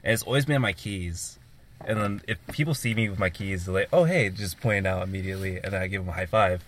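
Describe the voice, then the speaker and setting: A man's voice: low voice, fast, a bit bright. A young man telling a rambling story in casual chat among friends, swearing often and filling with "like".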